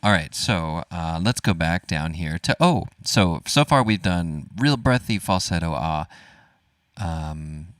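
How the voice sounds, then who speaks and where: A man teaching a live-streamed vocal warm-up, encouraging and relaxed, demonstrating sung vowels between explanations. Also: sits low, takes it slowly, no echo. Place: home studio, dogs nearby.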